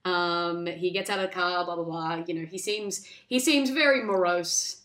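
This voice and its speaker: A woman's voice: on the low side, moderate pace, a bit bright. A woman co-hosting a podcast, casually retelling a film plot in a rambling way, full of likes and restarts. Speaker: podcast co-host. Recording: echoey room.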